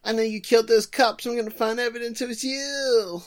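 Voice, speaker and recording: A man voicing a young woman who accuses a rock star, with a high, shrill delivery. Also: fairly even intonation, brisk, slight background noise. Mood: accusing.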